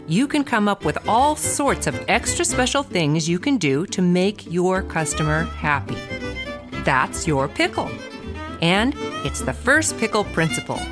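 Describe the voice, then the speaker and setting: A woman gives scripted podcast narration in a lowish voice with lively, expressive pitch. A fiddle tune plays clearly beneath her smooth, measured links between the segments. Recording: music clearly underneath.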